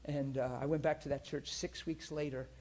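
A man preaching a sermon, telling healing stories in a lively, teasing way and laughing often, moving from quiet asides to loud peaks. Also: fairly high pitch, moderate pace, slight background noise. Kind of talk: sermon storytelling about healings.

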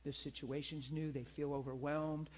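A man teaching in a church in an animated, earnest way, often asking his listeners to agree with him. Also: moderate pace. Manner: animated, acts out people in high pleading voices; earnest, repeats himself, asks listeners for agreement. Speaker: pastor and teacher.

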